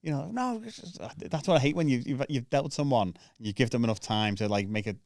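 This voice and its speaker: A man's voice: mid-range voice, animated, fast talker, darkish tone, dry recording, studio quality. A comedian telling brash anecdotes in casual podcast chat, mimicking the people in his stories. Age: adult with a young daughter. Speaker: comedian guest.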